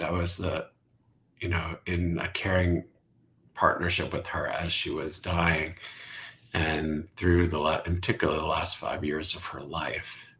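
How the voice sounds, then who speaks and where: A middle-aged man, a Zen teacher, speaking softly and contemplatively as a podcast guest, sometimes dropping to a whisper. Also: low-pitched. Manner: slow, soft-spoken and contemplative, drifting into whispers. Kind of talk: reflective podcast conversation.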